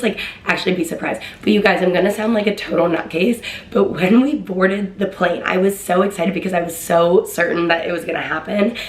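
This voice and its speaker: A young woman tells a story to the camera in a chatty, excitable way and plays out each quoted line in a higher voice. Her speaking voice sits a little low for a woman. The room around her is roomy and echoes. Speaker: vlogger. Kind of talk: casual storytime.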